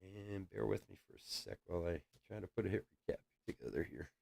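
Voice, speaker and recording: A middle-aged man with a low, gravelly voice hosts a live trading-card break. He chats in an easygoing way, laughs often, and rattles off player names as he opens packs. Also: lively intonation, quick pace, darkish tone, dry recording. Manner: chatty storyteller, laughs often, calls out cards. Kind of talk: casual live-stream chat while opening card packs.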